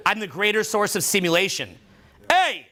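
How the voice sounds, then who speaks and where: A male vocal coach leads a live workshop for a room of students. His voice sits high for a man and comes across bright and forceful. He keeps his delivery animated and breaks into loud demonstration voices as he explains. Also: brisk.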